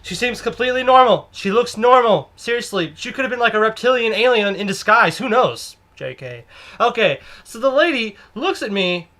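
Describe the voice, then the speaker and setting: A young man telling a comedic story about a cashier job in an excitable, exaggerated, rambling way. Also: very high voice, normal speed. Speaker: comedic vlogger playing a cashier.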